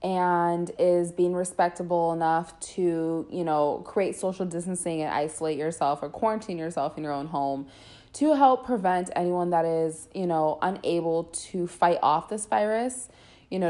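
A woman's voice: fairly low pitch, a little mellow. Chatty young woman hosting a podcast. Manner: chatty slangy, lots of fillers and "like". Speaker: podcast host. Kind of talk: casual podcast monologue.

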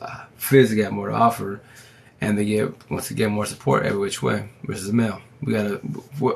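Low gravelly man rambling on a livestream. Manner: rambling, slangy, talks fast. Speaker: livestream host. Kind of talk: casual livestream monologue. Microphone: phone.

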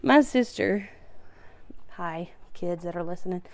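A woman's voice: on the low side, unhurried, darkish tone, a little hiss or hum. A young woman, out of breath, chatting casually on her podcast while tidying, laughing often and poking fun at herself. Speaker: podcast host.

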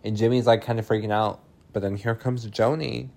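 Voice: medium pitch, steady tone, a little fast, creaky, darkish tone. A speaker casually recapping a film plot, chatty and sarcastic, peppering the story with "like" and swearing. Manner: chatty, swears freely, heavy use of "like"; sarcastic asides.

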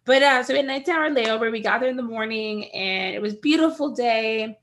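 Young woman, American, casual podcast chat, animated, high-ish voice. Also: a little fast. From United States. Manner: animated storyteller, laughs often, acts out quotes. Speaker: podcast co-host.

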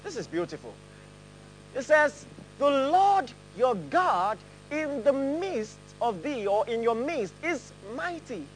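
A man's voice: extremely high pitch, very animated, takes it slowly, faint music behind, low-quality recording. A man preaching a sermon, laughing often and leading his congregation in reading aloud together. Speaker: pastor. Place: church hall with a congregation.

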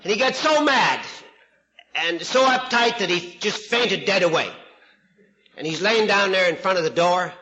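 A man telling folksy jokes as a guest speaker at a recovery retreat, chuckling often. His voice sits a bit high and sounds bright and forceful. It comes through a dull, lo-fi old tape. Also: expressive, unhurried. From Canada. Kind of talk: humorous storytelling talk. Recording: lo-fi 1970 tape.

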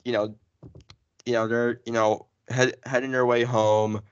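Excitable rambling male podcast host. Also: mid-range voice, a little slow, smooth. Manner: excited, rambling, many fillers and restarts. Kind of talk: casual spoiler review chat. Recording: dull lo-fi sound.

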